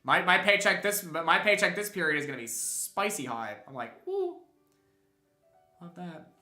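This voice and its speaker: A man's voice: fairly high pitch, expressive, normal speed, pushed and bright, faint music behind. A young man streaming a game, chatting casually and rambling with many restarts and chuckles. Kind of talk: casual live-stream chat while gaming. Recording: roomy echo.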